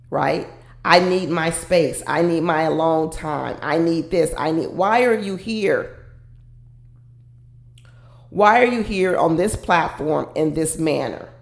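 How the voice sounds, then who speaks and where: A woman's voice: lowish voice, creaky, darkish tone, echoey room. A woman commenting casually and with firm opinions on a reality show, talking straight to her viewers.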